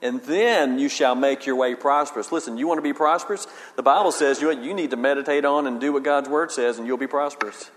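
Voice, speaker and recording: A pastor with a mid-range voice preaches a sermon, reading scripture slowly and with emphasis before explaining it in plain talk. The recording carries a long hall reverb.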